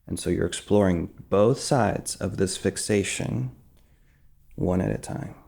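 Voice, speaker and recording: A man teaching emotional release in a calm, soft way, dropping into whispers as he acts out examples. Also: deep voice, unhurried, gravelly, slightly rough. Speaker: meditation teacher. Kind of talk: calm spoken guidance.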